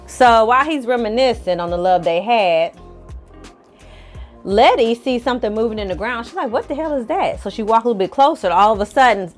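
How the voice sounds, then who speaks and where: A woman hosting her own channel, recapping a TV episode in a lively, slangy storytelling style. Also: a little high. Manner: animated, slangy storytelling with acted quotes. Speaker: film reviewer, channel host.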